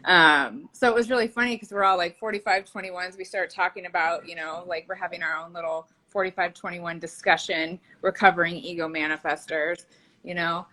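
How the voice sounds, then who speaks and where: A woman's voice: on the low side, steady tone, fairly quick, pushed and bright, low-quality recording. A woman co-hosting a podcast in casual chat, chatty and laughing often, with many fillers. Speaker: podcast co-host.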